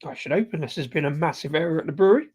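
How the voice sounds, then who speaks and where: A man's animated, husky, darkish voice on the high side comes out rapid-fire as he hosts a casual live beer review. He sips and tastes the beer while talking, rambling hesitantly with lots of ums, restarts and self-corrections.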